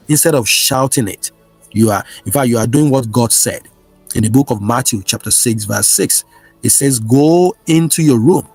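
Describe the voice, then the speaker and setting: Man, spiritual teacher, husky voice, insistent repetitive preaching, dry sound. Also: mid-range voice, darkish tone, no room sound. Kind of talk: spiritual teaching and affirmation prayer.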